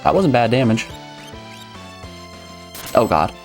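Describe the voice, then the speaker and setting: A man's voice: mid-range voice, sing-song, takes it slowly, faint music behind. A man streaming a game live, chatting casually and rambling to his viewers. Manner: rambling, chatty, addresses chat. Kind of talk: casual live gameplay chat.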